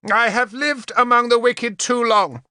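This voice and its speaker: A man's voice: very high-pitched, steady tone, a little slow, fairly bright tone, clear, resonant tone, no room sound, studio quality, voice pushed up. A male narrator voicing a hysterical young queen mother who screams and weeps with spite. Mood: haughty.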